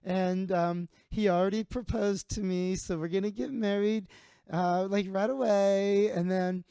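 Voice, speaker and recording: Man doing shrill uptight young woman, whiny high sing-song, dry close mic. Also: fairly even intonation, measured pace, gravelly, mellow, smooth, dry recording. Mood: chirpy smug.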